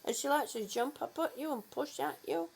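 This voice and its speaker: A woman's voice: a little high, big pitch swings, normal speed, darkish tone, husky. A woman vlogger in a casual morning chat, affectionately greeting viewers and fussing over her dog.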